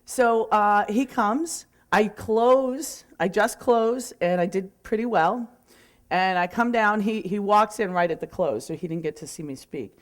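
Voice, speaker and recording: A woman's voice: medium pitch, unhurried. A woman who speaks as a real estate speaker, telling a story in a chatty, rambling way, correcting herself and filling gaps with little words. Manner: chatty, rambling, self-correcting with many fillers. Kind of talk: casual storytelling.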